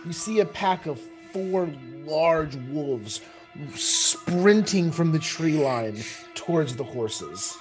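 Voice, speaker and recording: Animated male game master narrating. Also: fairly high pitch, slow, faint music behind. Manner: animated, full of fillers and restarts. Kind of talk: narrating a tabletop horror game.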